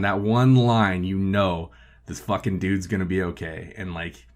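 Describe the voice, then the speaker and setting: Male podcast host, low voice, profane and animated, casual film recap.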